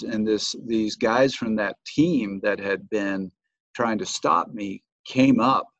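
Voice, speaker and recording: A man, a cycling coach and former racer, telling race stories in a measured, explanatory way as a podcast guest. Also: lowish voice, no room sound. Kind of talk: casual interview storytelling. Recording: dull, dry lo-fi remote audio.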